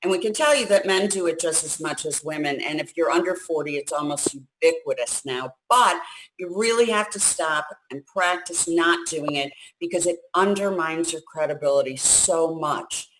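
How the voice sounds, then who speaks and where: A woman communication coach giving energetic, emphatic advice on speaking. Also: low voice, normal speed, a little hiss or hum, low-quality recording. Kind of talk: instructional talk.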